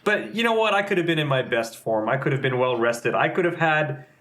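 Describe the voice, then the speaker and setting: A man chatting as a guest, a bit tired but hamming it up with mock-dramatic self-deprecation. His voice sits at an ordinary middle pitch for a man. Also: a little fast, a bit bright. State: a little tired. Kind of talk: casual video chat.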